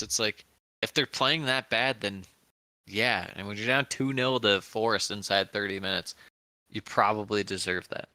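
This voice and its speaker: Smooth-voiced man chatting about football. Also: fairly low pitch, moderate pace, bright, forceful tone, no echo. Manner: chatty, joking banter. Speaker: podcast co-host. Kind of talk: casual football match recap.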